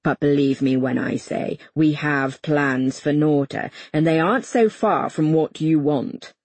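Lady narrator putting on a stern male colonel, low and slow, kind of a menacing purr, dry sound. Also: a little mellow, no room sound. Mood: cold, commanding. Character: stern middle-aged male army colonel, cold and commanding.

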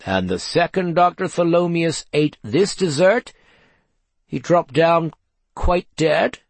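A man's voice: fairly high pitch, expressive, slow pace, creaky, no room sound, voice pushed up, exaggerated voice. A man reading a story and voicing an effusive, theatrical character who questions a suspect with exaggerated delight. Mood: effusive, probing. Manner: theatrical, gushing, inquisitive.

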